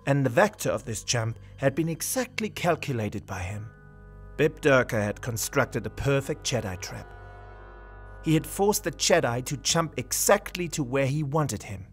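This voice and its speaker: A man's voice: medium pitch, very animated, normal speed, faint music behind. A man narrating a sci-fi audio drama.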